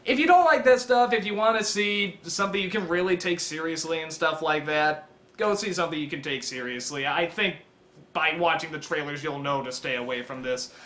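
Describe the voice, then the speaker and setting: A man's voice: on the high side, a little fast, sharp tone, roomy sound. A man giving a casual spoken film review, rambling with lots of ums and frequent chuckles.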